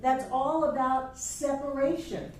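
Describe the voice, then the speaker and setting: A fairly high-voiced woman leads a class, teasing and lively, voicing people's self-talk for the group. She sounds far from the mic in a very echoey room, with a faint hiss behind her. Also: measured pace. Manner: playful, acts out quoted inner voices, laughs often. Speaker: spiritual teacher. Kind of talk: class lecture.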